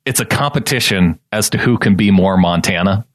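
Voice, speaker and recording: A man's voice: sits low, a little fast, no echo, clean studio sound. A man co-hosting a sports podcast in casual chat, joking and laughing often, acting out quoted lines. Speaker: podcast co-host.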